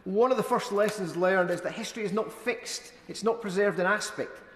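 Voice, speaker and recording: Brief: male MP, fairly high voice, wry measured oratory, echoey chamber with long reverb. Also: a little hiss or hum. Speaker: member of parliament. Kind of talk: parliamentary debate speech. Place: debating chamber.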